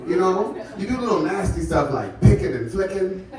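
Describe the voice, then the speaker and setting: A man's voice: high voice, expressive, normal speed. A man doing a stand-up set at a live comedy show, conversational and laughing through his jokes. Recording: echoey room from far off, loud noise.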